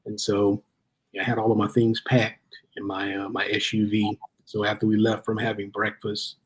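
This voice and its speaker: A man's voice: lowish voice, moderate pace, breathy edge. A man who is a guest chaplain, telling personal stories in conversation and acting out what people said. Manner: animated storyteller, acts out quotes. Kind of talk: storytelling in conversation.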